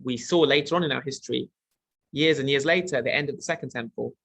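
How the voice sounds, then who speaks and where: A man's voice: medium pitch, quick pace, creaky, fairly bright tone, no echo. A man teaching a text study class, reading Hebrew phrases and explaining them as he goes, with frequent restarts. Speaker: Torah teacher.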